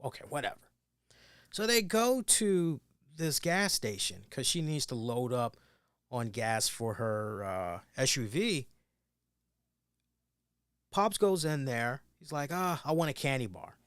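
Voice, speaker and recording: A man hosting a wrestling review show, telling a story in an animated way and acting out the people in it with loud bursts. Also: medium pitch, takes it slowly, long pauses, clear, resonant tone, dry recording, clean studio sound. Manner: emphatic, acts out quoted voices with loud bursts.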